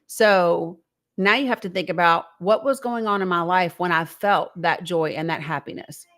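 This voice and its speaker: A woman's voice: on the low side, moderate pace, fairly bright tone. A woman hosting a live call-in show, talking in a conversational, reflective way and asking her listeners rhetorical questions. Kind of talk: encouraging live-stream talk.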